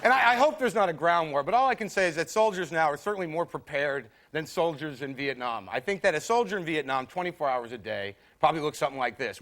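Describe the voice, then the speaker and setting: A man's voice: on the high side, expressive, fast, few pauses, fairly bright tone. A man doing a stand-up set on a TV studio stage, acting out the voices of the people he describes. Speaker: stand-up comedian. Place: TV studio stage before an audience. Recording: broadcast stage sound with audience laughter. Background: audience laughing.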